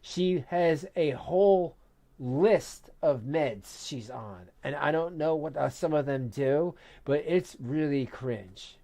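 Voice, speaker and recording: A man's voice: on the high side, expressive, takes it slowly, vocal fry, dark tone, no room sound. A man hosting a commentary channel, delivering a profane, mocking rant with exasperated disbelief. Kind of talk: angry reaction rant.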